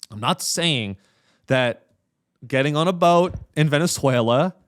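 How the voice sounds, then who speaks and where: A man's voice: on the high side, a bit bright. Profane, rambling comedic podcast host man. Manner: profane, rambling, with frequent restarts. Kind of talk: casual comedic rant.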